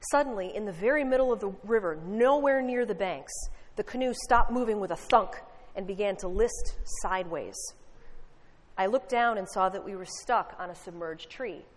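A woman's voice: medium pitch, normal speed. A woman pastor preaching a sermon, telling a story with wry, conversational asides. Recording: reverberant hall.

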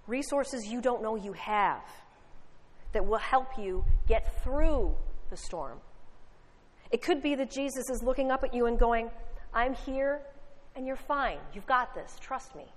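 A woman pastor delivers a sermon in an animated, conversational way, mixing personal storytelling with dry asides. Her voice sits a little high, and it rings out in a reverberant church hall.

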